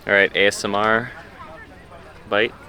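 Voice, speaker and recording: A man talking casually to the camera as a fitness vlogger, explaining in a relaxed way with lots of fillers, outdoors at a farm orchard. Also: fairly low pitch, unhurried. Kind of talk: casual vlog talk to camera.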